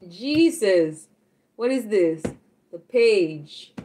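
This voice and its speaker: A woman, chatting casually on a tarot livestream, teasing and animated, laughing often as she reads out chat. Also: on the high side, unhurried, slight background noise.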